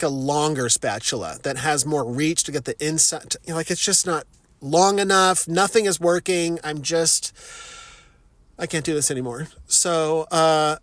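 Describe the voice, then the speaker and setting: A middle-aged man casually telling a story, profane and animated, mocking himself and laughing often. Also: fairly high pitch, moderate pace. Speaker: vlogger.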